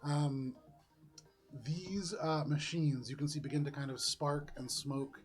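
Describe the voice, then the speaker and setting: A man's voice: on the high side, fairly even intonation, unhurried, music in the background. Man narrating a tabletop game. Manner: descriptive, easygoing narration with many fillers. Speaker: game master.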